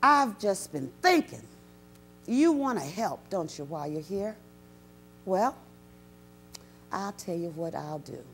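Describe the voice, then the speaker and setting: A woman voicing her kindly uncle, a store owner who coaxes her gently and indirectly. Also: sits high, sing-song, takes it slowly, pauses often, slight background noise, heavily acted. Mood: coaxing.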